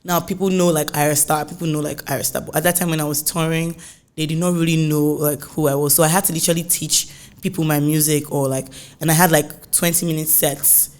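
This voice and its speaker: Young female singer from Nigeria, chatty and animated, casual interview talk. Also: sits low, fairly quick. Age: young adult. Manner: chatty, animated storytelling, frequent "like" fillers.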